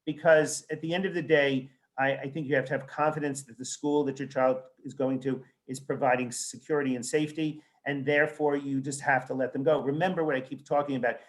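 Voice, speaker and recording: A man's voice: mid-range voice, fairly even intonation, brisk, few pauses. A male child psychiatrist and author in a conversational interview, telling stories animatedly, acting out quoted dialogue and often restarting his sentences. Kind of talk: conversational interview, anecdotal storytelling.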